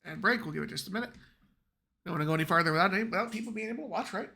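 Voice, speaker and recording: A man's voice: high-pitched, racing, gravelly, pushed and bright, slightly rough. A man streaming a video game live, chatting offhand with a congested, nasal voice. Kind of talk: casual live gameplay commentary.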